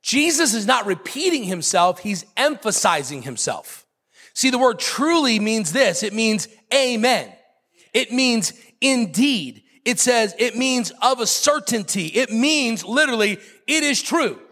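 A man's voice: very high voice, sing-song, a little slow, sharp tone, slightly rough, in a large hall. A man preaching a sermon as pastor, emphatic and repetitive, joking with his congregation. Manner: emphatic, repeats key phrases, jokes with the congregation.

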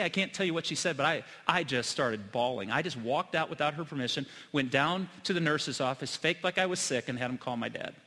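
A middle-aged man preaching a sermon to his church, telling personal stories earnestly and swinging between loud emphasis and hushed moments. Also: on the high side. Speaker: pastor. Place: church sanctuary. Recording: long hall reverb.

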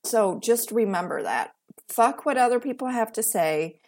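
A woman's voice: on the high side, normal speed. A woman in her thirties hosting a solo podcast, talking casually and bluntly with plenty of swearing. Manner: blunt, swears freely, animated. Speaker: podcast host.

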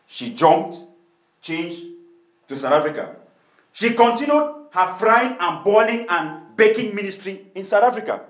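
A man's voice: high voice, animated, moderate pace, echoey room. A man preaching a sermon as pastor, telling a story and acting out the people in it. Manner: storytelling preacher, acts out quoted voices.

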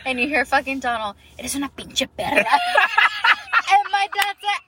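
A woman's voice: high voice, expressive, normal speed, a loud crowd, rough recording. A woman co-hosting a podcast, telling stories through laughs and slipping into Spanish. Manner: laughing storyteller, switches into Spanish. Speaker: podcast co-host. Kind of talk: casual chat.

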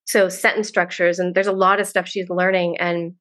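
A middle-aged woman guest on a podcast, talking casually and warmly, gushing and laughing often. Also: on the low side, level tone, moderate pace.

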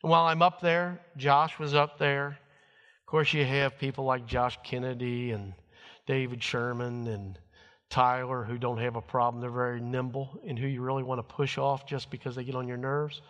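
A man's voice: medium pitch, level tone, moderate pace, a bit bright. Folksy man preaching in a reverberant hall. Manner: folksy storytelling, acts out quotes. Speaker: pastor. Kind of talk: sermon with personal stories.

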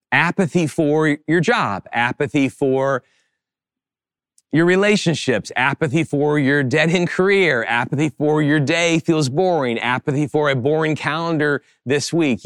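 A man's voice: medium pitch, no room sound. Man preaching a sermon, dry sound. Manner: preaching with rising emphatic passages and quiet asides. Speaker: pastor.

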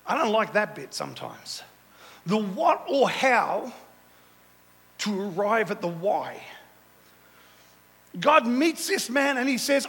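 A man's voice: high-pitched, big pitch swings, slow pace, vocal fry, pauses often, fairly bright tone. A male pastor preaching a sermon, with repetitive, emphatic phrasing and call-and-response with the congregation. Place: church hall. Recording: echoey church hall with long reverb.

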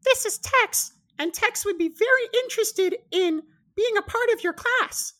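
A tabletop player voicing a tiny, polite talking parrot in a very high, squeaky voice. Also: unhurried, sharp tone, heavily acted.

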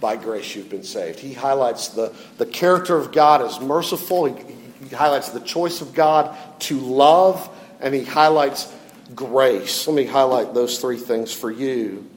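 A man's voice: medium pitch, measured pace, in a large hall. A male pastor preaching a sermon emphatically, often repeating his questions and building to fervor.

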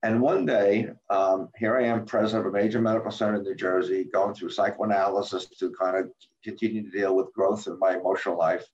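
An older man speaking as a guest about his life, halting and repeating words, acting out quoted lines in a livelier voice. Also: lowish voice, fairly even intonation, darkish tone. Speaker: guest, author and former medical center president. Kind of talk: candid interview talk. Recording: dull roomy remote recording.

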